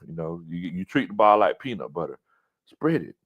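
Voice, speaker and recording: A man hosts a laid-back sports talk stream. His voice swings widely in pitch as he trips over and repeats words. He reads viewer comments aloud and laughs often. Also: big pitch swings, normal speed, slightly rough, muffled recording. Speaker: sports talk show host. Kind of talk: casual live-stream chat reading viewer comments.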